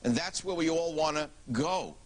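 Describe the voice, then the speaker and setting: A man's voice: fairly high pitch, lively intonation, normal speed. A man hosting a political TV talk show, speaking bluntly and emphatically with rhetorical questions.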